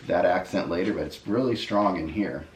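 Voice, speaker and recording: A middle-aged man hosting a casual record review chat, relaxed and rambling with plenty of ums and uhs. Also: sits low, normal speed, distant mic. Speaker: host of a record review channel. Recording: roomy echo, voice a bit off the mic, faint background hiss.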